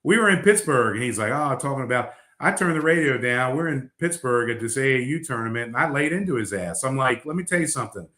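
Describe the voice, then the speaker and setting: A man's voice: medium pitch, animated, fairly quick, hardly any pauses, pushed and bright, roomy sound. A middle-aged man, a coach, talking bluntly in casual podcast chat, rambling with fillers and restarts. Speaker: basketball coach.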